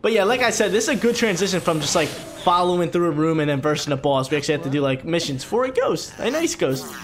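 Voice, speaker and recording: A man giving playful, excitable commentary over a video game walkthrough. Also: a little high, fast talker. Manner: excitable, playful hype talk. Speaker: gaming commentator. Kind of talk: let's play commentary.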